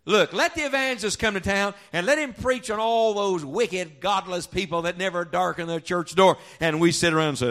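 A man preaching from the pulpit with a somewhat high voice. He keeps throwing rhetorical questions at the congregation and gets them to call back to him. His delivery swings from punchy, loud emphasis to soft, low reflection. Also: a little fast, few pauses. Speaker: pastor. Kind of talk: sermon. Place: church sanctuary before a congregation.

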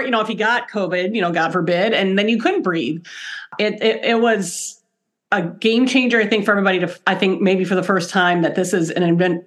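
A woman hosting a casual podcast conversation, enthusiastic and quick to laugh. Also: mid-range voice. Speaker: podcast host.

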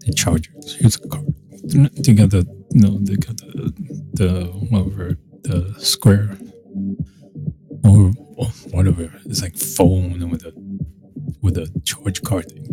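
A man rambles through a casual monologue at an unhurried pace, trailing off and restarting his sentences. His voice sits on the low side, and music plays clearly under him the whole time. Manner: rambling, with many restarts and mock quotes. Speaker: show host. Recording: music playing behind the voice.

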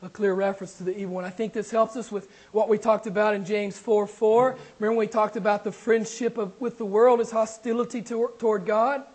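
A man's voice: high voice, flat delivery, brisk, few pauses, rough recording. A man preaching a sermon to his congregation, asking questions and talking with them, while losing his voice. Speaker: pastor.

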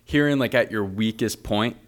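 A man with a fairly low voice chats on a podcast. He talks reflectively and often pads his sentences with "like". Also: moderate pace. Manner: reflective, with many filler "like"s. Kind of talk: casual chat.

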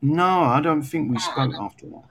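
A man co-hosting an unscripted chat, rambling and gently sarcastic about himself. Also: fairly high pitch, normal speed. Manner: rambling, self-mocking, slightly sarcastic. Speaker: podcast co-host.

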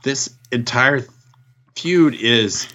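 A man's voice: medium pitch, very slow, sharp tone, dull audio. A man co-hosting a casual wrestling chat, breaking in with incredulous remarks. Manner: incredulous, interjecting. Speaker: wrestling podcast co-host.

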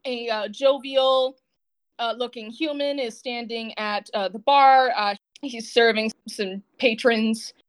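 A woman with a high voice runs a tabletop game as game master. She describes the scene casually, hesitating often with little fillers. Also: steady tone, slow pace, smooth.

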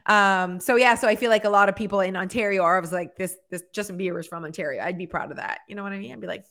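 A woman co-hosting a casual chat, talking fast with lots of fillers and acting out what people say. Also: mid-range voice. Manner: chatty, filler-heavy, animated storytelling. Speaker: podcast co-host.

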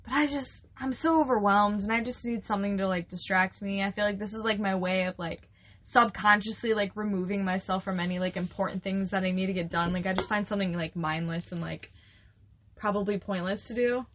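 A young woman co-hosting a podcast, telling a farm story in a rambling, casual way with lots of fillers and quick laughs. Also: mid-range voice, steady tone, a bit bright. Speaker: podcast co-host, flower farmer.

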